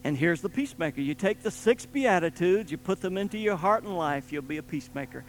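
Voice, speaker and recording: Man, preacher, high-pitched voice, emphatic sermon delivery, faint guitar behind. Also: lively intonation, fairly quick, few pauses, rough recording. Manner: emphatic, swings between loud emphasis and quiet low asides.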